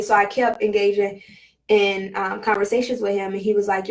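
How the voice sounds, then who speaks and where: A woman vlogger telling a personal spiritual story in a casual, halting way, full of fillers and emotion. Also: medium pitch, fairly even intonation, recorded from a distance, poor audio.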